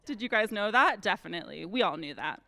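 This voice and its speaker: A woman minister reading a silly story to children during a church service, playful and expressive. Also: mid-range voice, quick pace, gravelly. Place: church sanctuary. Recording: long reverb of a large hall.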